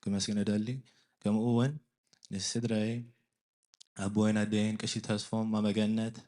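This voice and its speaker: A man giving a formal thank-you speech at a church, quickly listing priests and family. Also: lowish voice. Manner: rapid, monotone listing of names. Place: church hall.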